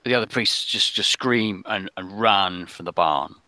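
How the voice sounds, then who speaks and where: A man narrating a tabletop adventure as game master, unhurried and full of ums and uhs. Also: sits low, sharp tone, no echo.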